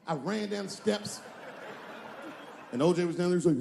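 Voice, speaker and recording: A man's voice: high voice, normal speed, gravelly, warm tone, a little hiss or hum. Profane, punchy male stand-up comedian. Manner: profane, conversational storytelling with punchy emphasis.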